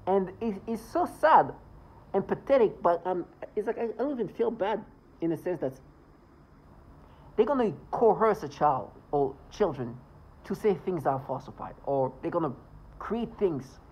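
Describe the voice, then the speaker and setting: A man's voice: high voice, expressive, normal speed, husky, muffled recording. A man ranting indignantly in a vlog monologue, swearing as he talks. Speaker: vlogger.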